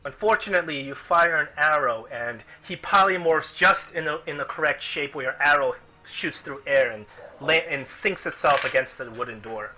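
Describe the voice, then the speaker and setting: Bright-voiced man running a tabletop game. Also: fairly high pitch, moderate pace, muffled recording, soft background music. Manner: thinks aloud, restarts sentences. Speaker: game master.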